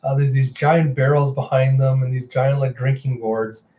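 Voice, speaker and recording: Man, manga reaction host, mellow tone, slightly muffled recording, acts out characters. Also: medium pitch, moderate pace. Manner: animated, puts on character voices while recapping. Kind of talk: casual manga reaction, acting out lines.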